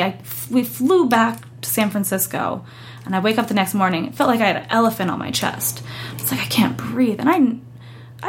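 Chatty woman telling a lively story. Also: fairly high pitch, a little hiss or hum. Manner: animated storyteller, acts out quotes. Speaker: guest. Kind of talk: casual interview chat.

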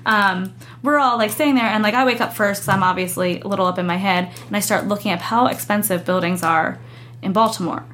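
A young woman speaks as a guest in a relaxed interview, telling her story with energy. She slips into the voices of the people she quotes. A faint hiss sits under the recording. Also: mid-range voice, fairly quick. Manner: animated storyteller, acts out quotes. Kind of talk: casual interview chat.

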